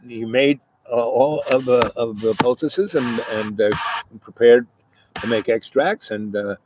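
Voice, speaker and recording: A man's voice: mid-range voice, a little slow, natural voice. A man quoting a kindly woman teacher. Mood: reassuring. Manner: gentle, reassuring. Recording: noisy background hiss.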